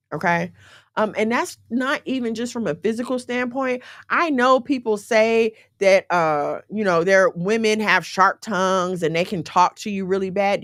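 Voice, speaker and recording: A woman's voice: mid-range voice, no room sound, clean studio sound. A woman hosting a casual livestream, giving blunt relationship advice to her viewers and checking in with them as she goes. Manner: emphatic, repeatedly checking in with listeners.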